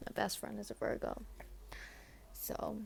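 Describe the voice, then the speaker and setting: A woman's voice: measured pace, whispered. A woman giving a casual tarot reading in a chatty way, full of fillers and restarts. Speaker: tarot reader.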